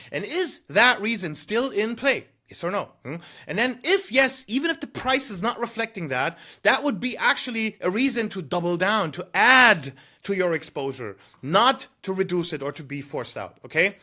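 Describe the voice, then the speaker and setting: A man's voice: high-pitched, sharp tone. A man who trades, giving emphatic market advice to camera, coaching with rhetorical questions and a nudging 'hmm?'. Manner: frequent 'you know' fillers. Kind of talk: direct-to-camera advice monologue.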